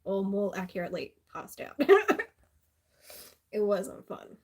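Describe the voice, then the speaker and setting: A woman's voice: medium pitch, very animated, takes it slowly, slightly rough. A woman with an Australian accent chatting casually and sarcastically on a live stream, laughing often.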